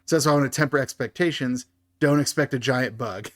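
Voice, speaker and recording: A fast-talking man with a medium-pitched voice co-hosts a podcast. He chats casually about a horror movie in a review-style conversation, laughing frequently.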